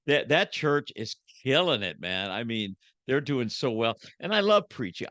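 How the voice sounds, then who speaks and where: With a medium-pitched voice and no echo, a guest preacher in his seventies joins a podcast conversation. His delivery is emphatic and preachy, shifting between loud and soft.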